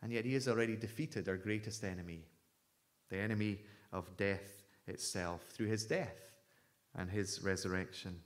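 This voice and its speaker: A man preaching a sermon in a measured, emphatic way, at times reading a story aloud. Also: fairly low pitch.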